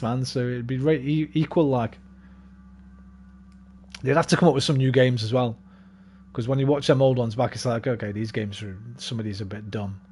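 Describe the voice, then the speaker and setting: A man's voice: mid-range voice, a little mellow, slight background noise. A young man rambling casually and swearing freely while streaming a game. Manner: rambling, sweary, laid-back. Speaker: gaming streamer. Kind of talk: casual chat while gaming.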